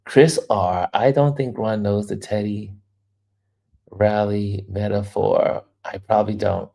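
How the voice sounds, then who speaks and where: Gravelly, laughing livestream host. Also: male voice, on the low side, slow pace. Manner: animated, laughs often, reads chat aloud. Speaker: livestream host reading viewer comments. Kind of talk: casual live chat.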